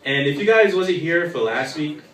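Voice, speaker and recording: A man's voice: a little high, lively intonation, moderate pace, a bit bright. A young man doing a crude, rambling stand-up set full of fillers at a live comedy show in a bar. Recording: echoey room from far off.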